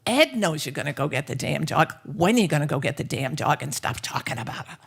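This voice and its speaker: A woman voicing a gruff, exasperated older man with a New York accent, loud and insistent. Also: on the high side, sing-song, brisk, voice pushed down, full character voice.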